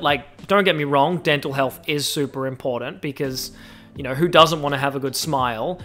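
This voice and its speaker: Young Australian male podcaster, slightly high voice, lively and jokey, faint music bed. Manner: animated, joking, drawn-out stresses on lists. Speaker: podcast host. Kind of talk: casual solo podcast monologue.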